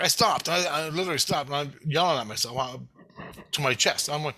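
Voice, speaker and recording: Animated, profane man telling a story. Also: on the high side, brisk. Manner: animated, swears constantly, shouts quoted self-talk. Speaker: storyteller guest.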